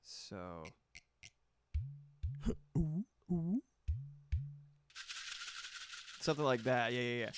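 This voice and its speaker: A man's voice: medium pitch, sing-song, drawn-out words, long pauses, music in the background. A man chatting casually on a livestream while he builds sounds, rambling, laughing often and swearing. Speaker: streamer and music producer.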